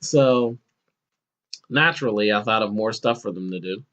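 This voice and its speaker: A podcast host tells a story in casual chat, speaking at normal speed. He's animated, acting out the people he quotes with bursts of pitch. The audio sounds dull.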